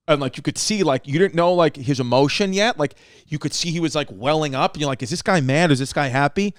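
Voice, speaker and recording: Podcast co-host, male, from New York City, animated storyteller with a higher-pitched voice, dry studio sound. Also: quick pace, no room sound. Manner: animated storyteller, quotes others in lively voices. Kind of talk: casual storytelling chat.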